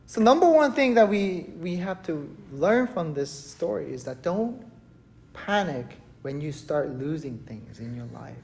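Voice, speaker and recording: A male pastor preaching a sermon in a church, telling a story with animated, acted-out panic. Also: on the high side, unhurried, gravelly, a little hiss or hum. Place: church hall.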